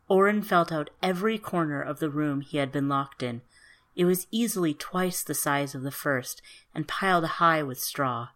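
Low-voiced woman narrating a story. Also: a bit bright.

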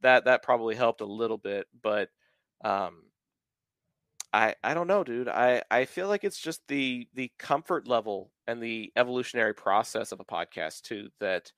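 A man in his thirties from the American South hosts a podcast in a relaxed, talkative way. He lays out ideas at length and leans on plenty of filler words. His voice is mid-pitched and sits close and dry on the mic. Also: normal speed, no echo. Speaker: podcast host. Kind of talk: casual podcast chat.

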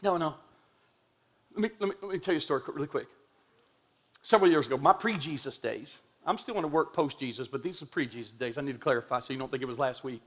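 Talking fast in a medium-pitched voice, a middle-aged preacher livens up his sermon with a personal anecdote. He tells it with humor, animation and plenty of emphasis.

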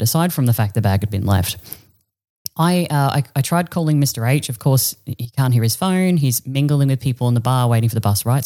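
A woman guest on a casual podcast, telling a funny story and acting out what other people said. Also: extremely low pitch. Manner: animated, acts out other people's lines. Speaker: podcast guest, event organiser.

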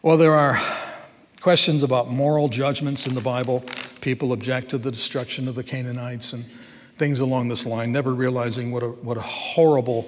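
A man's voice: medium pitch, little pitch movement, brisk, slight background noise. A man preaching a sermon in an earnest, emphatic way, often repeating and restarting his words. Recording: long hall reverb.

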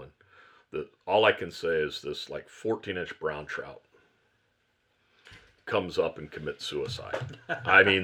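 Low-voiced man telling a fishing story. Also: pushed and bright. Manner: rambling storyteller, self-correcting. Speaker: guest, fly shop owner. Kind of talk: storytelling in a podcast interview.

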